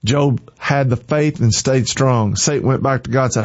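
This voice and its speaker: A man's voice: mid-range voice, normal speed, a little mellow. A man preaching an informal sermon with fervent, punchy, repeated exhortations. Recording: slightly dull lo-fi recording.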